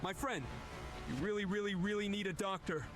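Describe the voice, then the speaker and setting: A fussy, nervous young sidekick from a game, as a man voices him. He talks high and fast, worried and scolding. Music sits behind him.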